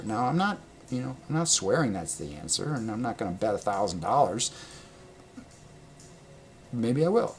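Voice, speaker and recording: A man casually telling a personal travel story, rambling and correcting himself, laughing often and getting animated when he quotes people. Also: on the low side, moderate pace, long pauses, slight background noise. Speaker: vlogger.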